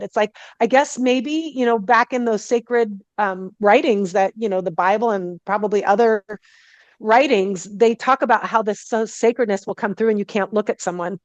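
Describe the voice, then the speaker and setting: A woman, a guest energy healer, telling her story in a casual interview, animated and often acting out what people said to her. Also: a little high, dry recording. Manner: animated, acts out quoted dialogue, many "like" and "I go" fillers. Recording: dull, dry, muffled recording.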